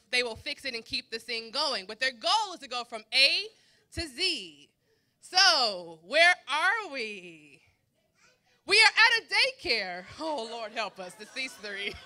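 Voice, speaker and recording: A woman's voice: high-pitched, pushed and bright. A woman hosting an improv showcase as the drama teacher, upbeat as she explains the rules and cues the players in. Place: school theater stage with live audience.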